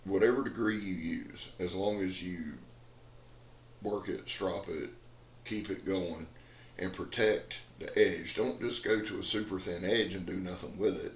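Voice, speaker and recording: A man's voice: deep voice, fairly even intonation, unhurried, reverberant, slight background noise. A man, rambling in a folksy casual chat as a knife reviewer in a dim room. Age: 40s.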